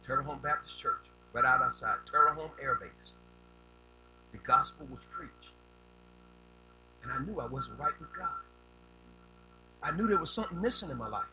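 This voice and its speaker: A man's voice: medium pitch, animated, normal speed, long pauses, sharp tone, faint music behind, low-quality recording. An older man preaching a sermon in a folksy, down-home way, often repeating words as he builds a point. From rural United States.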